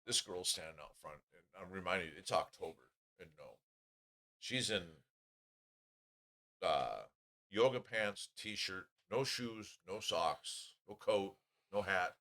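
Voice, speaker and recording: A man's voice: low voice, slow, pushed and bright. A man telling profane, rambling anecdotes in a casual podcast chat.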